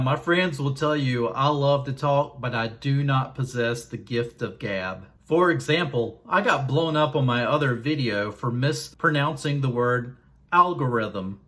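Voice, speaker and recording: A man's voice: medium pitch, a bit bright. A man with a Southern US accent talking casually to his viewers in a vlog, folksy and self-deprecating, taking his time over each word. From Southern United States. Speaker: YouTuber.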